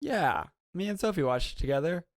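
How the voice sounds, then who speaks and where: A man's voice: on the high side, very animated, a little fast, dry recording. Emphatic, profane man on a dry mic. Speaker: podcast co-host. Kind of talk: casual chat.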